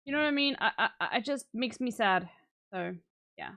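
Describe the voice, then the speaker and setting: A tired woman streamer winding down her stream, talking in a soft, halting way that trails off. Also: fairly high pitch, animated. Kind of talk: casual chat to stream.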